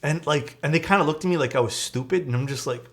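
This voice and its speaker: A man's voice: a little high, quick pace. A young man streaming from home, telling stories in a casual, laid-back way and swearing often.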